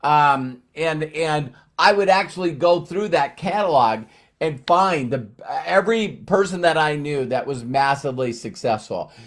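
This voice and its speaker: A man in his sixties giving a casual motivational talk, conversational with frequent fillers and slow, stressed phrases. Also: fairly high pitch, animated, fairly bright tone. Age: 60s. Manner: conversational, fillers and slowed emphasis. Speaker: motivational speaker.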